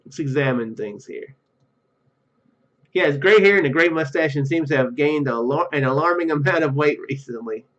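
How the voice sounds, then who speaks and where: A man's voice: fairly high pitch, moderate pace, fairly bright tone, highs cut off. Joking man reading game text aloud. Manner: joking and self-deprecating, laughs at own jokes. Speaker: let's play host.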